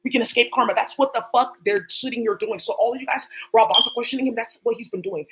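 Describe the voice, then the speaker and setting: Woman channel host, rapid-fire profane rambling monologue, slightly high voice, faint hiss behind. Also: steady tone, a bit bright, low-quality recording. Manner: rapid, profane, talks to unseen people.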